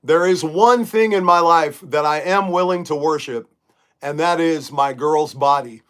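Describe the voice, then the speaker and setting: A middle-aged man chats to his live audience from his bedroom, loose and emphatic, answering viewer comments as they come. His voice sits a little higher than most men's. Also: a little slow, clean tone. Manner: chatty, emphatic, reads viewer comments aloud. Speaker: livestream host. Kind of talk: casual live-chat monologue.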